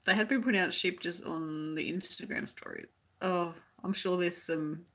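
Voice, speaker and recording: Chatty Australian woman, husky and low. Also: moderate pace, fairly bright tone. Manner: chatty, rambling, with frequent restarts and fillers. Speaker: crochet teacher and live chat host. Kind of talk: live stream chat reading viewer comments.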